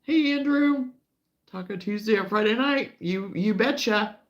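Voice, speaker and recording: A woman's voice: mid-range voice, moderate pace, fairly bright tone, muffled recording. A woman hosting a casual crochet livestream, chatting with viewers in an exasperated but easygoing way.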